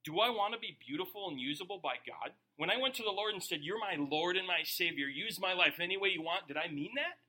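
A man preaching a sermon, animated, with many rhetorical questions and quick acted-out asides. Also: high-pitched. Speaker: pastor.

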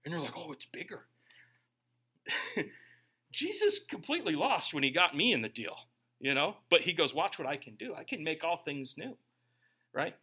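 A middle-aged man preaching a humorous sermon, joking with the congregation and swinging between quiet asides and loud bursts. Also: sits high. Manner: animated, joking, bursts of shouting.

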